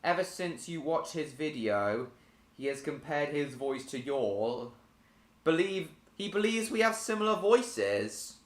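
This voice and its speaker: A man's voice: a little high, very animated, measured pace, reverberant. A man chatting casually on a live stream while gaming, answering viewers by name with many hesitant ums.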